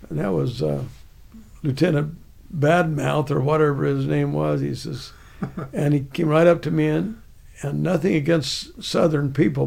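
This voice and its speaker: A man's voice: on the high side, darkish tone. An older man, an army veteran guest, telling rambling stories from memory with many restarts. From United States. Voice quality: gravelly, raspy. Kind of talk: casual storytelling.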